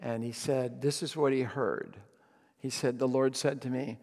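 Guy pastor giving a sermon, bit of gravel in his voice, lots of ums and restarts, church hall echo. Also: mid-range voice, fairly even intonation, measured pace, a little mellow. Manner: storytelling with frequent ums and restarts.

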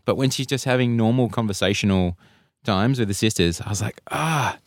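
A man's voice: fairly low pitch, fairly quick, no echo, studio quality. A man co-hosting a podcast, playful in casual film talk. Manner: playful, puts on a mock old-timey voice. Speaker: podcast co-host.

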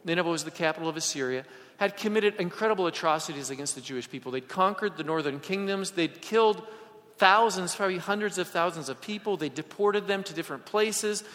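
A man preaching a sermon and telling personal stories, swinging from loud emphasis to hushed asides. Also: sits high, fast talker. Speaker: pastor. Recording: long hall reverb.

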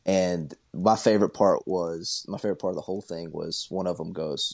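A man co-hosting a sports podcast, speaking bluntly in halting, repetitive casual chat. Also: sits low, very animated, vocal fry, husky, no echo. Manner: halting, repeats himself, blunt. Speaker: podcast co-host.

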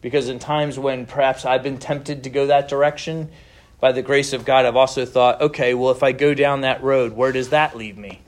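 A middle-aged man preaching a sermon as pastor, earnest and conversational, with gentle laughs between thoughts. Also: medium pitch, fairly even intonation, moderate pace.

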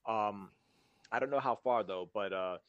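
A man's voice: lowish voice, moderate pace, fairly bright tone, dry recording, lo-fi sound. A man co-hosting a podcast in casual chat, rambling and often repeating words as he starts his sentences. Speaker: podcast co-host.

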